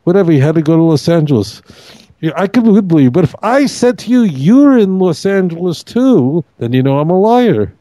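An emphatic man with a somewhat high, mellow voice leads a Torah discussion. He argues forcefully and slips into quoted voices. The sound is close and dry, as in a radio studio. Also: animated, quick pace, no echo, poor audio. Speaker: rabbi and co-host. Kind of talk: animated Torah study discussion.

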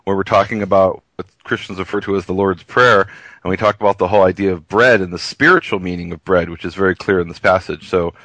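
A man co-presenting a radio Bible discussion, explaining in a measured way with frequent restarts. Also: low-pitched, steady tone, a bit bright, dry recording, low-quality recording. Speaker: co-presenter and scripture teacher.

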